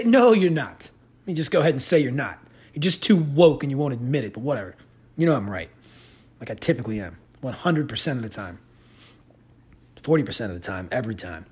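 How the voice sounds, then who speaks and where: A man hosting a podcast, telling stories in a sarcastic, animated rant. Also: fairly high pitch, brisk, breathy edge. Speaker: podcast host. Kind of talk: casual ranting commentary.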